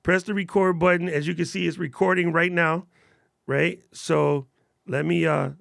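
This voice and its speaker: Slangy, gravelly man on a live stream. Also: fairly high pitch, fairly even intonation, moderate pace, fairly bright tone, no room sound, studio quality. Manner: casual, slangy and enthusiastic, answers viewer questions. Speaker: host of a live gear stream. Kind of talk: casual live-stream gear talk.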